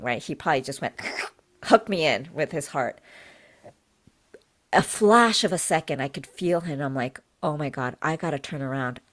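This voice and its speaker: A woman, a healer and podcast guest, earnestly recounting a personal spiritual experience, repeating phrases for emphasis and acting out what was said. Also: sits low. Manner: animated, acts out her own and others' words. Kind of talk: emotional personal storytelling.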